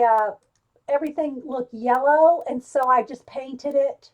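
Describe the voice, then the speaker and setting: Speaking at a measured pace in a high voice, a woman chats straight to her webcam viewers during a casual show-and-tell stream from her craft table at home. She rambles and strays off topic, and the audio sounds dull.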